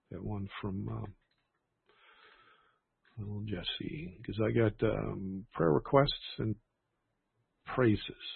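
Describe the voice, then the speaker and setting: Gravelly, husky man hosting a church stream. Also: fairly low pitch, no room sound. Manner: rambling, with frequent restarts. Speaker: church livestream host. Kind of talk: casual livestream chat. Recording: tinny phone-like sound.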